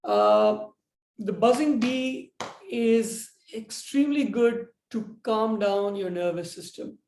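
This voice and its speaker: A man teaching a yoga breathing lesson in a relaxed, rambling way, tired and yawning. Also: high voice, takes it slowly, echoey room. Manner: relaxed, rambling explanation with fillers.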